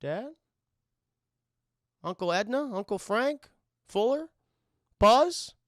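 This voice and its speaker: A man streaming a profane, animated film recap to his live chat, acting out scenes and swearing often. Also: high voice, slow pace, dry recording, clean studio sound. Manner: animated, acts out scenes in shouted voices, swears a lot.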